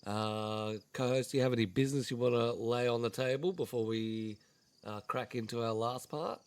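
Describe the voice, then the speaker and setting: A man's voice: mid-range voice, moderate pace, a little mellow, smooth, no room sound. A man hosting a casual podcast, laid-back with short reactions. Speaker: podcast host. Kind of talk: casual chat.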